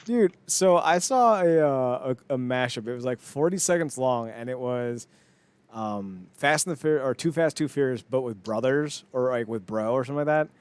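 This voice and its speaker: A man's voice: mid-range voice, lively intonation, moderate pace, clean tone. A man co-hosting a podcast, chatting in a rambling, jokey way and laughing often. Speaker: podcast co-host. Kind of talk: casual chat.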